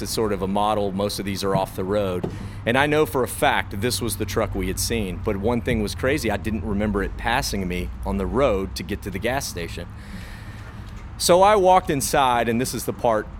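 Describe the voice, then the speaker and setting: A man's voice: lowish voice, a little hiss or hum. A man from the Austin area, telling a spooky story on a podcast in a chatty, meandering way. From Texas, Austin area. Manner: chatty, drawn-out, with fillers and restarts. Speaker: podcast co-host. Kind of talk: casual storytelling of a spooky true tale.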